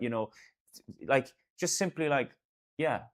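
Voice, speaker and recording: An earnest Irish artist and host talks one-on-one casually at normal speed, his voice at a middling pitch. His speech is loose and rambling, full of fillers and restarts, and he reassures his listener by going over the same points again and again.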